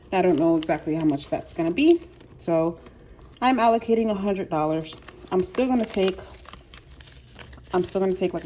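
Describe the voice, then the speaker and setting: A woman's voice: lowish voice, darkish tone, a little hiss or hum. A woman chatting casually through her budget at home, a bit wheezy, peppering her talk with "like" and restarting sentences. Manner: chatty, frequent filler "like", self-correcting restarts. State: slightly wheezy. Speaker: budgeting vlogger.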